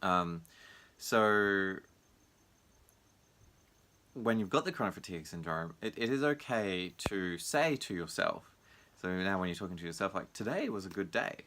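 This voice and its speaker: Man, video diary, relaxed musing talk, lowish pitch, bright tone. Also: unhurried, long pauses, slight background noise. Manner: musing, acts out other people's lines in raised voices. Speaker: vlogger and martial arts teacher. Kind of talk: casual reflective video diary.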